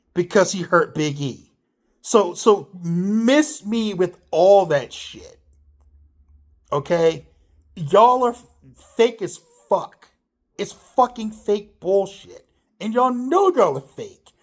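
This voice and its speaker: A man ranting to camera about wrestling, swearing freely and sounding exasperated. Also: slow. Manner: lively, swooping pitch. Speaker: wrestling commentator. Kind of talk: opinion rant to camera.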